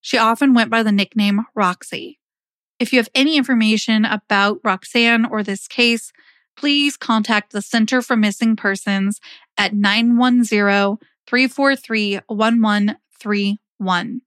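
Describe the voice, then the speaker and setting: A woman hosting a podcast, reading out a case summary in a measured way. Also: fairly high pitch, steady tone, fairly bright tone, smooth, no room sound, clean studio sound. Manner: measured, reads numbers slowly. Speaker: podcast host.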